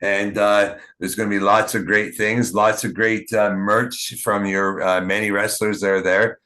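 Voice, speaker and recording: Bright-voiced rambling man hosting a podcast. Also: fairly low pitch, level tone. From Canada. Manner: rambling, halting, with many fillers. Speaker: podcast host. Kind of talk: casual interview chat. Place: small town.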